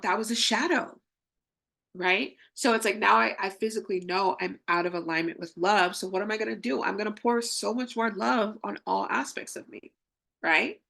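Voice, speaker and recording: A woman's voice: mid-range voice, creaky, bright, forceful tone. A young adult woman, a spiritual coach, chatting casually and acting out inner voices with frequent laughs. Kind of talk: casual spiritual teaching talk.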